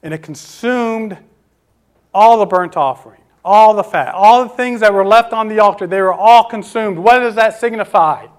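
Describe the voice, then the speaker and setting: This sermon comes from a man with a high, clean-toned voice who asks his hearers questions, responds to them himself and slows down on key words for emphasis.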